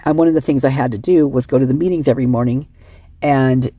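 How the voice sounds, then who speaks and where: A woman's voice: rumbling low, steady tone, fast, warm tone, breathy edge, no echo. A middle-aged woman giving rambling, emotional casual commentary, sleep-deprived and often restarting her sentences. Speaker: online commentator.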